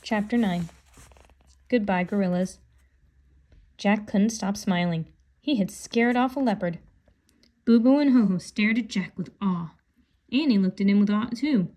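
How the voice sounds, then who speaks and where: A woman reads a children's story aloud in a calm, unhurried way. Her narration is steady and clear, at an everyday middle pitch. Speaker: storybook reader. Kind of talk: reading a children's book aloud.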